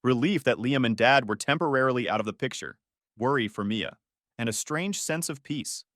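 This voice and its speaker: A male narrator tells a first-person story with tense, dramatic pacing. His pitch swings widely as he builds the scenes. The sound is dry and close, with no room around it. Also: expressive, normal speed, fairly bright tone, dry recording.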